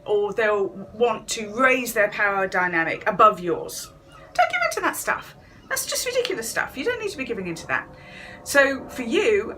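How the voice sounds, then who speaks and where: Woman doing a chatty wellness talk to camera, bright clear voice. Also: medium pitch, a little hiss or hum. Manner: chatty, acts out quoted voices. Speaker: workplace wellness speaker. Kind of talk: direct-to-camera talk to viewers.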